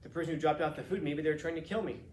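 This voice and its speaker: A man's voice: fairly high pitch, racing, slight background noise. Casual storytelling male teacher in echoey room. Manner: casual, animated storytelling with restarts and laughs. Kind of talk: classroom storytelling lecture. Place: classroom.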